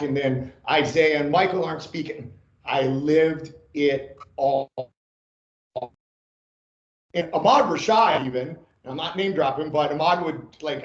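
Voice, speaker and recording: A middle-aged man from Ohio, a sportscaster guest telling animated stories, repeating phrases for emphasis and swearing freely. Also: fairly high pitch, roomy sound, dull audio. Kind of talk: animated storytelling.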